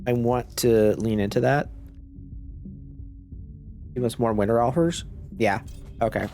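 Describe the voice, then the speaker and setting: A man casually commenting on his gameplay, musing aloud in a low-key way while nursing a sore throat and sucking on a cough drop. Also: steady tone, unhurried, a little mellow, faint music behind. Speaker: gaming channel host. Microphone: cough drop in mouth.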